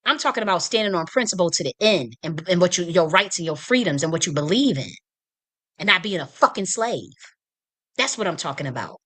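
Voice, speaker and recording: Woman, livestream host, lower voice, impassioned and profane, lots of restarts. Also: lively intonation, a little fast, fairly bright tone. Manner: heated, profane, repetitive restarts. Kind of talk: impassioned political livestream rant. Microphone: streaming mic.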